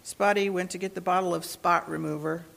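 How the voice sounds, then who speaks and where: A woman reading a children's storybook aloud in a gentle, expressive way. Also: fairly low pitch, fairly quick, creaky.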